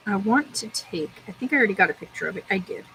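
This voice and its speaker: A woman's voice: mid-range voice, lively intonation, quick pace, bright, forceful tone, slight background noise, poor audio. A young woman chatting to herself in a casual vlog, bubbly and talkative. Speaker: vlogger.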